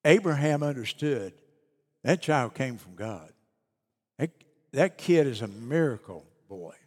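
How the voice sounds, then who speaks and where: A man preaching a sermon as pastor, emphatic, slowing down and dropping soft on key phrases. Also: mid-range voice, animated. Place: church sanctuary. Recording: long reverb of a church hall.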